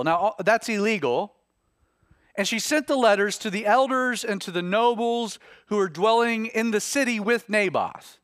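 A high-voiced male pastor preaching with lively swings in pitch, mixing scripture reading with casual asides. The sound is dry and close. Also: no room sound. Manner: animated, conversational, with asides. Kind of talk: expository sermon.

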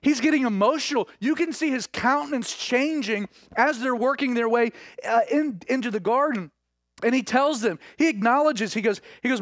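A man's voice: extremely high pitch, animated, normal speed, fairly bright tone, no room sound. A man preaches a sermon. He retells scripture as a story, acting out the quoted speech and restarting his phrases. His voice sounds close and dry. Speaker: pastor.

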